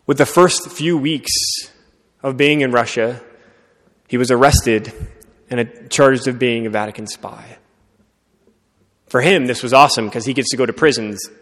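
Preacher in an echoing hall. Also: male voice, medium pitch, unhurried. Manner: earnest, conversational storytelling with soft dips. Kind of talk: sermon told as a story. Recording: long reverb of a large hall.

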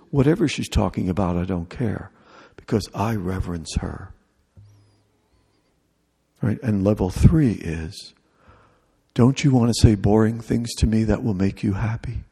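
A man's voice: fairly low pitch, gravelly, dark tone, husky, in a large hall. A man preaching a sermon in a humorous, conversational way, acting out little dialogues.

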